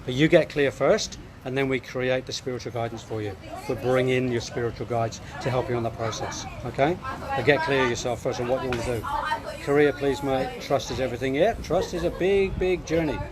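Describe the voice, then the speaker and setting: An earnest man in his fifties talks viewers through their questions like a coach, reflective and direct. His voice sits at an ordinary middle pitch. A busy crowd murmurs clearly in the background. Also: brisk. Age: 50s. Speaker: host. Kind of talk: live show answering viewer questions.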